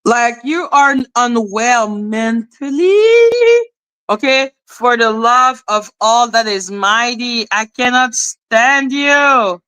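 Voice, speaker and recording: A woman's voice: fairly high pitch, slow pace, bright, forceful tone, clean tone, no room sound, rough recording. A woman doing blunt, exasperated live-stream commentary, ranting and repeating herself.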